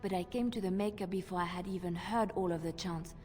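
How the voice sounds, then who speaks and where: An actress voicing a devout, earnest young woman in a video game, talking in a reflective, quietly defiant way. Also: fairly low pitch, brisk, big-room sound, soft background music, natural voice.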